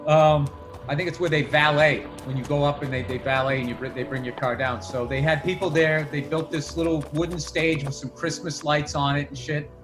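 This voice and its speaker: High-voiced man ranting in profane chat. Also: steady tone, fairly quick, music in the background. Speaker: podcast guest comedian. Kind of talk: casual storytelling chat.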